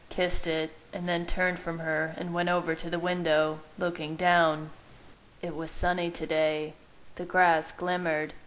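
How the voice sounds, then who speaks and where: Brief: woman narrator, lowish voice, steady reading of a romance story. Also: rough recording. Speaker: fan fiction reader. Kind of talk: reading fan fiction aloud.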